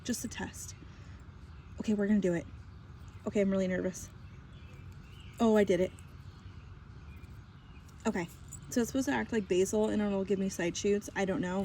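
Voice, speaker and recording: A woman chatting casually while she walks through her backyard garden and chicken coop. She rambles, laughs often, and coos softly to her hen. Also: medium pitch, slight background noise. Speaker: vlogger giving a garden tour. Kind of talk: casual chat.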